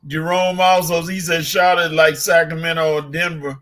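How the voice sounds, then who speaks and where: A man's voice: on the high side, flat delivery, moderate pace, a bit bright, soft background music. A man hosting a sports talk show who reads out listener questions, joking and moving the talk along. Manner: laid-back, jokes and moves the talk along. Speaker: host reading listener questions.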